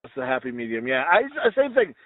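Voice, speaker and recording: Man, podcast co-host, crude jokes, lively pitch, tinny phone-like sound. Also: quick pace, no room sound. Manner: crude, joking, laughs a lot. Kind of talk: casual chat.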